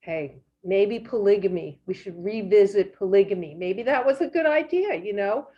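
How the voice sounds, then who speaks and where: A woman doing stand-up on a comedy stage in a musing, deadpan way. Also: mid-range voice, normal speed. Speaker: stand-up comic. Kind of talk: live stand-up set. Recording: dull lo-fi stage recording.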